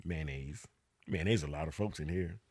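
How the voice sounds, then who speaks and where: A middle-aged man, a father co-hosting a podcast, talking in casual chat with drawn-out phrasing and loud laughter. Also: extremely low pitch, husky, dry recording, clean studio sound.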